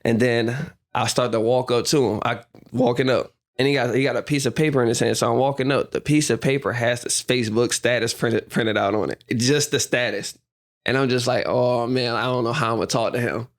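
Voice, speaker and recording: Young man, podcast guest, casual storyteller who acts out voices, mid-pitched. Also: brisk. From United States. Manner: animated storyteller, acts out quotes, laughs often. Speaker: guest, professional basketball player.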